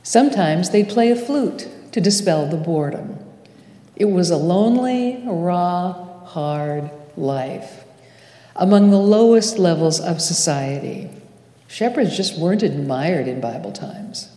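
Slow, mellow-voiced woman preaching in echoey church. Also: fairly low pitch, expressive. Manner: slow, measured preaching with dramatic pauses. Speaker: pastor. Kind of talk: sermon. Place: church sanctuary. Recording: echoey church hall with long reverb.

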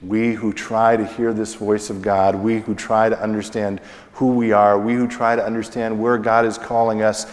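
A middle-aged man preaching a sermon as pastor, slow and deliberate, pausing often and letting his phrases fall away at the ends. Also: on the low side, little pitch movement. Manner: slow, deliberate preaching with pauses and falling endings. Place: church sanctuary. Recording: long church reverb.

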